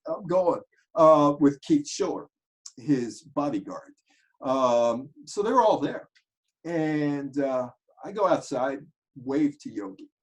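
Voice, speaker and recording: A man telling anecdotes, animated and switching voices for quotes. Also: mid-range voice, low-quality recording. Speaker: commentator telling stories. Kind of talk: casual storytelling monologue.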